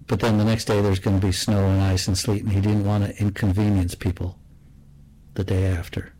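A man quietly telling a personal story in a soft, reflective, low-key way. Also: little pitch movement, a little fast, poor audio.

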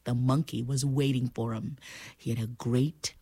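A woman telling a folk tale aloud, animated and playful, with sound effects and asides. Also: extremely low pitch, normal speed, husky. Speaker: storyteller. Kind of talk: oral storytelling performance.

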